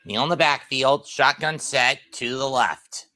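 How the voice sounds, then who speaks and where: A young man doing amateur play-by-play commentary of a football game in brisk, clipped calls. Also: medium pitch, bright, forceful tone.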